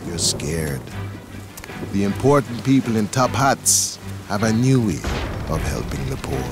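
A man's voice: on the low side, very animated, measured pace, over music. A man narrating a scripted story in the second person, in a dramatic storytelling manner.

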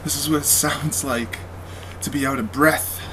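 A man's voice: on the high side, steady tone, a little slow, voice pushed down, natural voice. A man voicing a cocky, taunting male wrestler who owns the promotion, out of breath and boastful. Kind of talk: wrestling promo in a fan-made game show. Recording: loud background noise.

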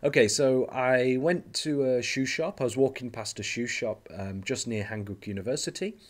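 Teacher lecturing online, mid-pitched man, relaxed, lots of okays and ums. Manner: relaxed, explanatory, frequent "okay" and "um" fillers.

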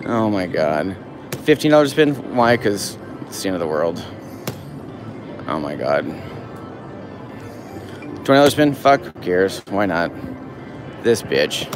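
A foul-mouthed man streams his gambling from a casino floor and talks casually to his viewers. His pitch leaps up and down as he yells at the reels, and loud slot machine music plays behind him. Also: measured pace, long pauses. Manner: excitable, profane, yells at the machine. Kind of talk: casual live-stream chat.

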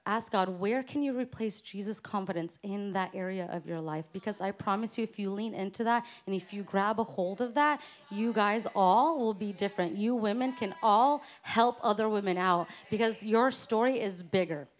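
A woman's voice: mid-range voice, moderate pace, few pauses. A woman giving an earnest, encouraging personal testimony at a church women's gathering. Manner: earnest, encouraging, faith-filled declarations. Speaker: women's conference speaker. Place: church stage before a live audience.

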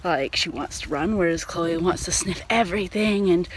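A woman's voice: on the low side, normal speed, a little hiss or hum. A young woman chatting casually and upbeat in a daily vlog, laughing often. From Canada. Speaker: vlogger.

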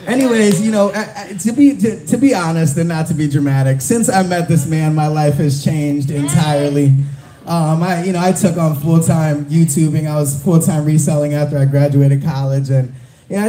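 Young guy, slightly high pitch, halting fan-event storyteller, echoey hall with crowd. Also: dark tone, soft background music. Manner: halting, many fillers and restarts. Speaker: YouTube reseller, cohost. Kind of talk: casual speech at a live fan event.

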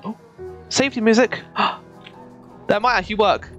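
A woman's voice: mid-range voice, moderate pace, a bit bright. A young woman chatting casually over her gameplay, laughing often and talking back to the game and her chat. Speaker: streamer. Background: faint game music.

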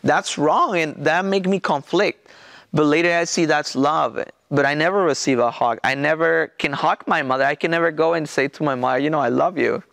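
A pastor from Mexico with a Mexican Spanish accent tells his testimony in an interview, in halting non-native English full of restarts and fillers. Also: a little high, creaky, a bit bright, no room sound, clean studio sound.

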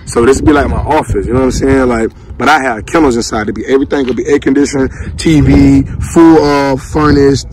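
Vlogging outdoors, a young dog breeder talks straight to his viewers in a loose, chatty, slangy way. He has a medium-pitched, steady voice and speaks fairly quickly with few pauses, with noise in the background.

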